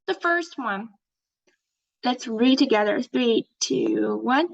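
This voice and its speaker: Woman running an english lesson, talks real slow, patient n encouraging, dull recording. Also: on the high side, expressive. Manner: slow, clear and encouraging, as if to young learners. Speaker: teacher. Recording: dull lo-fi sound.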